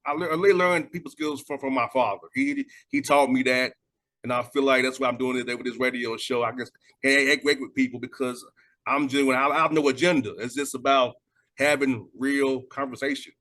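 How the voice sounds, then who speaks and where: A man's voice: medium pitch, fairly quick, fairly bright tone. Earnest male radio host. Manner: earnest, reflective. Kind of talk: interview, casual conversation.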